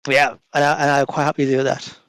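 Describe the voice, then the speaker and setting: Smooth-voiced man playing a tabletop game. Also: mid-range voice, monotone, fast talker, a bit bright, dry recording. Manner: hesitant, playful, stumbling with uhs. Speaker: player. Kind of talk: casual tabletop role-play.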